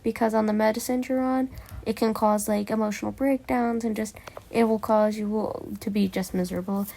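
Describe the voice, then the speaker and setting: A woman's voice: medium pitch, steady tone, normal speed, gravelly, warm tone, a little hiss or hum. A young woman, a voice actor, narrating her listener role-play casually with lots of fillers. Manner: rambling, filler-heavy storytelling.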